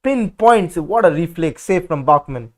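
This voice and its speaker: A man with a slightly high voice calls a football match live for a watch-along he hosts. He keeps a measured pace while sounding excitable, blunt and outspoken.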